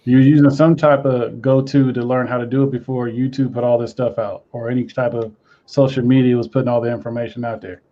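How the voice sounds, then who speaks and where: A man's voice: medium pitch, little pitch movement, fast, muffled recording. A man co-hosting a casual chat, talking steadily, agreeing and asking questions back.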